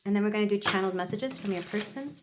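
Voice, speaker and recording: A woman's voice: medium pitch, racing, noisy background. A woman doing a solo tarot reading, talking in a loose, musing, chatty way. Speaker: tarot reader.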